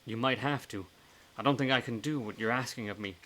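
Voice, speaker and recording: A man's voice: medium pitch, fairly quick, bright, forceful tone, close to an everyday voice. A man reading aloud the lines of a weary, self-doubting blind man during a live reading of a horror novel. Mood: despondent.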